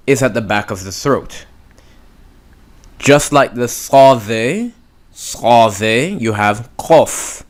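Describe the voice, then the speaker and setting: A man's voice: medium pitch, lively intonation. A man teaching a beginners' language lesson, patiently sounding out words and repeating them. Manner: patient, drawn-out pronunciation demos. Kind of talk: slow spoken lesson.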